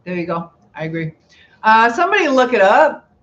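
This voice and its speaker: A woman's voice: on the high side, big pitch swings, a little fast, fairly bright tone. A middle-aged woman hosting a casual live stream, chatting and giggling as she reads out viewer comments. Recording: slightly dull lo-fi sound with faint background noise.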